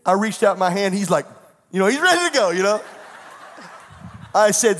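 A man's voice: high voice, sing-song, normal speed, pauses often, fairly bright tone, in a large hall. A middle-aged man, a pastor, preaching a sermon that moves from personal storytelling into fervent preaching in a church. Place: church sanctuary.

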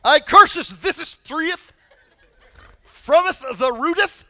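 A man's voice: very high-pitched, lively intonation, takes it slowly, pushed and bright, no room sound, pitched above the performer's own voice, heavily acted. A man doing a pompous old-style praying Jesus. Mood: mock solemn. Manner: exaggerated archaic solemn.

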